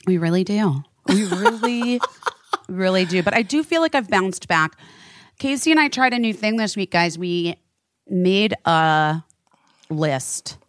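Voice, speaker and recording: A woman's voice: lowish voice, expressive, measured pace, no echo. A woman co-hosting a podcast, talking earnestly and candidly in casual chat, swearing now and then. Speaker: podcast co-host.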